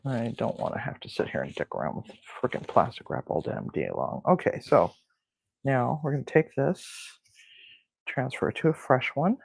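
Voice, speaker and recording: A man's voice: medium pitch, wildly swooping pitch, normal speed, gravelly, breathy edge, no echo, rough recording. A man hosting a casual cooking demonstration in a kitchen, rambling with crude jokes and lots of fillers. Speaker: cooking show host. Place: home kitchen.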